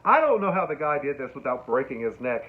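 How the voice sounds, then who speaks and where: A man giving a casual lecture on film, telling stories and acting out lines with sudden loud bursts. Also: mid-range voice, fast. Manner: animated storyteller, acts out quotes with sudden loud squeals. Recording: tinny phone-like sound.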